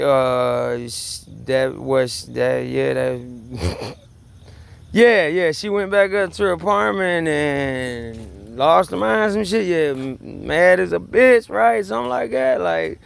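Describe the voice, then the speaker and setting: With a gravelly, mid-range voice and a clean tone, this male vlogger rambles through a casual story. He swears, laughs, and keeps repeating himself.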